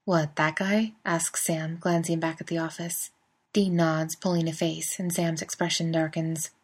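Woman reading a story in a slightly low voice. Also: level tone, normal speed, darkish tone, husky. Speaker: reader. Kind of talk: fan fiction audiobook reading.

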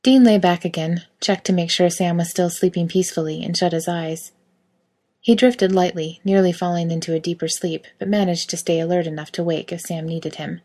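A woman reading a piece of fiction aloud in a steady storytelling manner. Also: lowish voice, fairly quick. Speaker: reader. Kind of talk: audiobook reading of fan fiction.

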